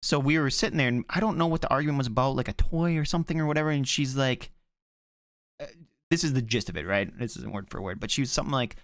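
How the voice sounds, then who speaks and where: A man co-hosting a live-streamed podcast, chatting casually and swearing as he tells animated stories. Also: medium pitch, fast talker, no echo, clean studio sound. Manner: animated storytelling, swearing freely. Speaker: podcast co-host. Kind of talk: casual chat.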